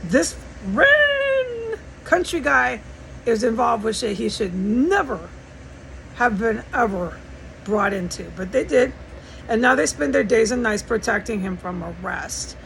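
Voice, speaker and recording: An American woman speaks with a slightly raised pitch and a gravelly, fry-laden tone. Her talk is profane and rambling, pressing each point with urgency. Faint traffic noise hums behind her indoor recording. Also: animated, unhurried, rough recording. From United States. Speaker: vlogger. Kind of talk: agitated personal monologue. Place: indoors in a house.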